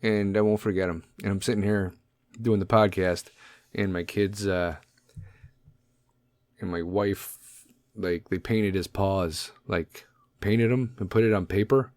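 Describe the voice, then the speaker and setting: Here the same kind of home podcast host, a man in his thirties, speaks casually and bluntly with emotion and plenty of swearing. His lowish, darkish voice holds a steady tone, running a little slow with frequent pauses. Recorded on a podcast microphone, the audio is clean studio sound without echo.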